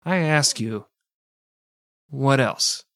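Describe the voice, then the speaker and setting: A playful American man closes out a podcast with crude jokes and loose banter. His voice sits at an everyday middle pitch and comes through a close, dry mic with no room sound. He talks casually and teases his co-host. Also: expressive, drawn-out words, gravelly, fairly bright tone, no room sound.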